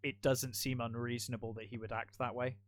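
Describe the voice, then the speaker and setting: A man's voice: mid-range voice, level tone, brisk. A man co-hosting a podcast, chatting casually about a film, rambling with restarts and frequent laughs. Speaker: podcast co-host. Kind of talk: casual film review chat.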